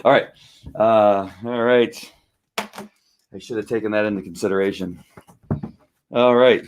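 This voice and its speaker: A man talks through an unboxing in his home studio, his voice sitting a bit low. He rambles easily, full of fillers and restarts, and sounds a little winded from lifting the heavy box. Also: steady tone, a little slow, a little hiss or hum. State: out of breath. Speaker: vlogger unboxing a gift. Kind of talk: casual live-stream unboxing.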